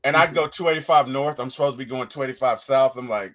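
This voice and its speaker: A man co-hosting a casual movie discussion, telling stories with animated energy and acting out quotes. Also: mid-range voice, fast talker, dull audio. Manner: animated storyteller, acts out quotes. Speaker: podcast co-host.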